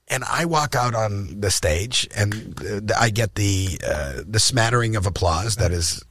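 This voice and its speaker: A man's voice: a little slow, no room sound, clean studio sound. An older man from Canada, a podcast guest, telling stories in conversation, acting out quoted lines and often repeating and restarting words. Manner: animated, acts out quoted lines with rising pitch. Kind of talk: anecdotal storytelling in conversation.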